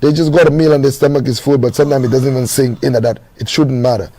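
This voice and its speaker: A man talking as a guest on a talk show, animated and earnest as he makes his point. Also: medium pitch. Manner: animated, preachy, fast-talking. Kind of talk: casual conversation.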